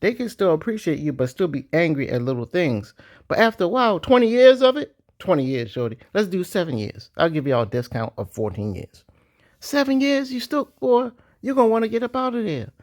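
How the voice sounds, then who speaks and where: A man giving casual, animated commentary with slang, often jumping into mocking voices. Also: fairly quick. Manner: animated, slangy, jumps into high-pitched mock voices. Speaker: vlogger.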